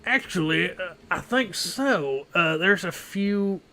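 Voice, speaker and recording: A man's voice: sits high, expressive, slow pace, bright, forceful tone, exaggerated voice. A man voicing a drunk ghostly dwarf brewery foreman who stammers and keeps slipping out of a put-on accent. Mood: flustered. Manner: stammering, hiccuping, tipsy.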